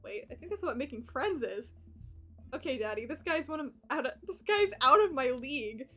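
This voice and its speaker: A young woman streaming a dating game, reading it aloud with excitable, laughing, swearing asides. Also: high-pitched, a little fast, faint music behind. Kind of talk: live-stream gameplay commentary.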